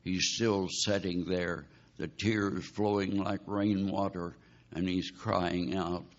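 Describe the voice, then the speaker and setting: A man's voice: low voice, steady tone, slow. A man preaching a sermon, telling a dramatic story and pleading with his listeners. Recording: dull lo-fi recording.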